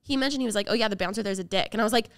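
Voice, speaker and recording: A woman's voice: mid-range voice, very fast, very noisy. A young woman co-hosting a podcast, telling a story in casual chat and acting out what people said. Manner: animated storytelling, acts out quotes. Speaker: podcast co-host.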